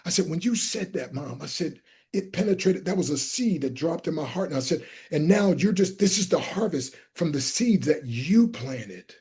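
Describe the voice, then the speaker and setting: A middle-aged man telling personal stories in an interview, acting out the people in them and sometimes shouting. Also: on the high side, animated, fairly quick. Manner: acts out voices in his stories, sometimes shouting. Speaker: guest speaker. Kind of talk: animated storytelling.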